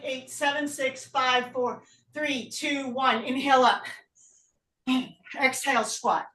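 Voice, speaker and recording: A woman teaching a live yoga class, out of breath, calling breath and pose cues with brisk energy. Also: high voice, steady tone, sharp tone. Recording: roomy echo, voice from a distance.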